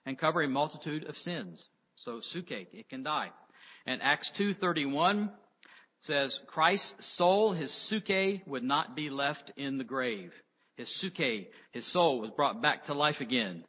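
A man giving a sermon, reading scripture slowly with emphasis and then explaining it in a conversational way. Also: on the high side, expressive, sharp tone, breathy edge. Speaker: preacher. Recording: dull lo-fi audio with long hall reverb.

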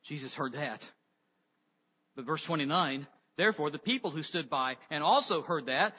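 A man preaching a sermon, emphatic, rising loud on key words and dropping low on others. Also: lively intonation, moderate pace, slightly rough. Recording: dull lo-fi sound with long reverb.

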